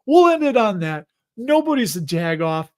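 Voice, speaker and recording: A man's voice: sits high, very animated, moderate pace, darkish tone. A man in his late thirties or forties with a Chicago accent, hosting a livestream and chatting casually in a rambling, joking way. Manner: rambling, jokey, chuckles between remarks. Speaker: host of an investing livestream.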